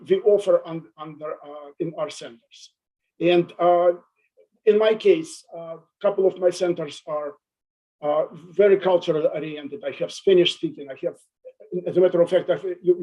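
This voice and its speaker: Emotional halting man testifying. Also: high-pitched, dark tone, lo-fi sound. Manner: halting, many restarts, emotional. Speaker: adult day center owner testifying. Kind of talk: public hearing testimony.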